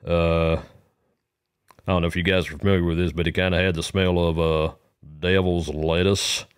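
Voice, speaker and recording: A man's voice: low voice, little pitch movement, moderate pace, clear, resonant tone, dry recording, clean studio sound. A man calling in to a comedy podcast, telling a meandering story in a folksy manner with rural grammar. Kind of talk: rambling comic monologue.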